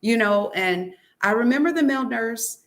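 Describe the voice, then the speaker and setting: A woman's voice: fairly high pitch, expressive, normal speed. A woman being interviewed about her book, telling a personal story and often quoting what others said to her. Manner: recounts events by quoting others, "he said" asides; earnest, searching, many restarts and "um"s. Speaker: author and guest.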